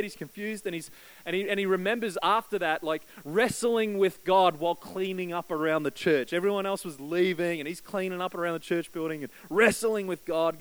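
A man's voice: dry recording, poor audio. A man preaching a sermon as pastor, telling a story and acting out the voices in it. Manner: storytelling, acts out quoted prayers with rising pitch.

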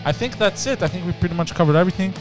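A man's voice: high voice, very fast, music in the background. Rowdy swearing man hosting a comedy podcast. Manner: rowdy, swearing, laughs a lot, stumbles and restarts. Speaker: podcast host. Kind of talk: casual comedy podcast banter.

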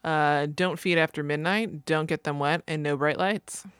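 A woman co-hosting a casual movie-review chat, deadpan and snarky, with teasing one-liners. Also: sits low, normal speed, smooth, no room sound, studio quality. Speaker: podcast co-host.

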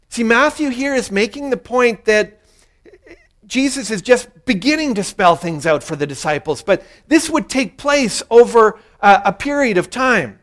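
Pastor, male, high voice, earnest sermon delivery that drives points home through repetition. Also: animated, normal speed. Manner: earnest, repeats key lines for emphasis.

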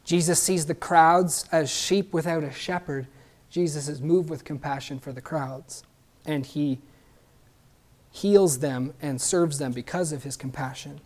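A man's voice: on the high side, steady tone, a little slow, darkish tone. A man preaching a sermon in an earnest, conversational way, often checking in with a questioning "right?" and making small restarts.

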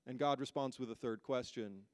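A man's voice: mid-range voice, normal speed, clear, resonant tone, no room sound. A man preaching a sermon as pastor to a congregation, emphatic and full of rhetorical questions. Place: church hall with a congregation.

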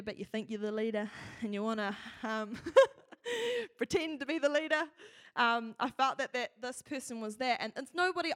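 A woman with a slightly high voice gives an informal sermon, recounting a dream in a loose, conversational way. She talks with plenty of fillers and restarts, as if chatting with the congregation. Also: a bit bright. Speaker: speaker at a church gathering. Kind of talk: sermon storytelling.

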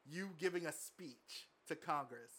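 A man's voice: a little high, unhurried, a bit bright. A man co-hosting a podcast, talking casually with many fillers and laughs. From from outside the US. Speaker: podcast co-host. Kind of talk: casual chat.

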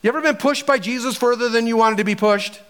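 A male pastor preaching a sermon in an animated, conversational way, asking the congregation questions. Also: very high voice, fast talker.

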